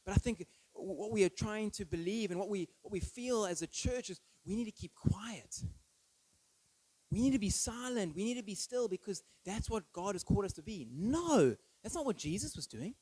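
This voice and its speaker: A man's voice: high-pitched, expressive, moderate pace, darkish tone, slightly rough, no room sound, low-quality recording. Earnest preaching man, dry sound. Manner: earnest, emphatic preaching with rhetorical questions. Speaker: pastor. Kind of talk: sermon. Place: church.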